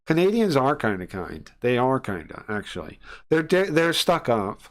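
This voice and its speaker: A man streaming live, swearing and ranting with open scorn. His pitch sits in an ordinary middle range. He talks into a desk mic. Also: sing-song, normal speed. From United States. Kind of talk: casual stream rant.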